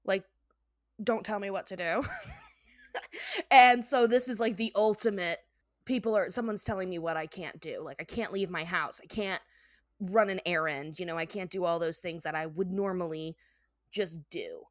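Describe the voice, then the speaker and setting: A woman's voice: fairly low pitch, moderate pace, dry recording, studio quality. A young adult woman co-hosting a podcast, chatting casually while a bit tipsy, laughing often and swearing freely. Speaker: podcast co-host. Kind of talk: casual chat.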